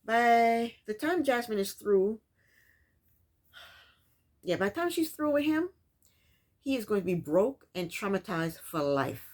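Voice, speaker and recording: A woman's voice: a little high, big pitch swings, unhurried, long pauses, darkish tone. A woman hosting a casual recap of a reality show, telling the events in her own words and scolding the people in it. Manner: sassy, scolds the people on screen.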